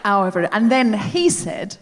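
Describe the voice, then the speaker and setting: Animated woman host on a theatre stage. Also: medium pitch, a little slow. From Australia. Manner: animated, self-deprecating, laughing often. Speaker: comedy podcast host. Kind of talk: live stand-up style chat. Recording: reverberant theatre, faint audience noise. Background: audience laughter.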